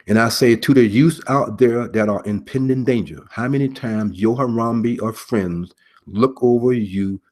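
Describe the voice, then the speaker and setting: A middle-aged man, formerly in law enforcement, delivering an earnest sermon-style message with repetition and pauses. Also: fairly low pitch, a little mellow. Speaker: preacher, former police officer.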